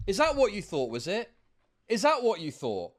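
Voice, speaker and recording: A streamer ranting furiously, yelling insults and profanity. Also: male voice, sits high, huge pitch swings, moderate pace. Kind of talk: angry streamer rant.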